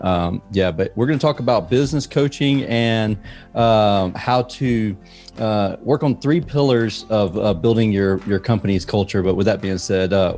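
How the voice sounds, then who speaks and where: A man hosting a podcast, chatting casually and warmly with many ums and uhs. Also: fairly low pitch. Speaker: podcast host.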